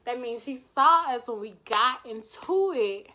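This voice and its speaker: A woman with a high voice tells a story to camera in a storytime vlog. She is animated and chatty, and she swears casually as she goes. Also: measured pace, a little hiss or hum. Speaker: vlogger.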